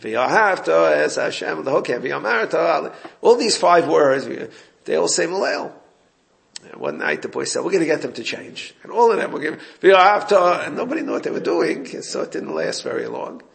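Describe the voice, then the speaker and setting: A man leads an informal Torah class with a somewhat raised, gravelly voice. He explains step by step and recounts back-and-forths with his students. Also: on the high side, very animated, a little fast. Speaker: Torah teacher.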